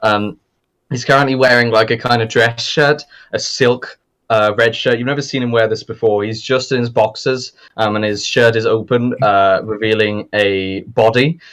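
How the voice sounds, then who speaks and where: A man's voice: medium pitch, fairly even intonation, moderate pace, a bit bright. A young man narrating as game master, rambling with lots of fillers. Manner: rambling with many fillers and laughs.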